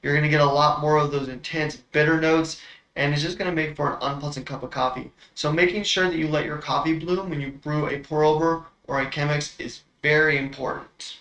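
A man hosts a coffee tasting, walking the viewer through brewing in a relaxed, explanatory way with plenty of fillers. His voice is a touch high and bright. The room around him sounds echoey. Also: fairly quick. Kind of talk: casual instructional demo.

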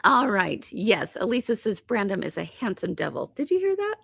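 Chatty lady teaching sewing, bit hoarse and gravelly, voice swoops up and down a lot. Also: mid-range voice, very animated, moderate pace, a bit bright, no room sound, studio quality. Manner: bubbly, chatty, laughs often. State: slightly hoarse. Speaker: quilt shop host. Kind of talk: live sewing tutorial chat.

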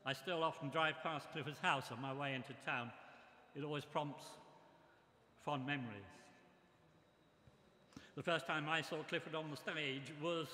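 An older man giving a memorial tribute speech, reminiscing in a measured way. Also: a little high, fairly even intonation, sharp tone, slight background noise. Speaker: memorial speaker. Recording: echoey hall with long reverb.

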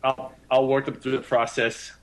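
A man's voice: medium pitch, level tone, moderate pace, poor audio. A man at a tabletop game talking casually, often stammering and restarting. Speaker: player. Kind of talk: casual chat.

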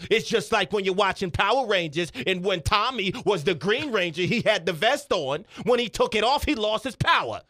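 A man voicing a loud, brash male sports pundit who preaches and swings between shouting and hushed asides, in a radio studio. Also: high voice, lively intonation, moderate pace, few pauses, no room sound, exaggerated voice. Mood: ranting. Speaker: comedian doing an impression.

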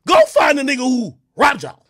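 Animated high-pitched man ranting. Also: moderate pace, dry recording, clean studio sound. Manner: loud, laughing, swings from shouts to mutters. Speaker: hip hop commentary streamer. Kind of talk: animated reaction commentary.

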